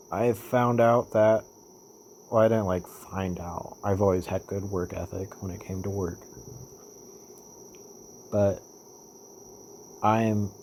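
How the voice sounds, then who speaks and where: A young man talking in a casual vlog monologue, rambling with lots of fillers and swearing, getting animated as he retells stories. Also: fairly low pitch, a little hiss or hum. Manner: rambling, profane, with many fillers and restarts. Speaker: vlogger.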